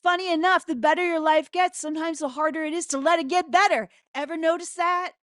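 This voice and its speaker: Speaking fast in a very high-pitched, steady voice, a female spiritual teacher delivers a fervent, loud prayer right into a close mic. She uses swearing for emphasis, and there is no echo.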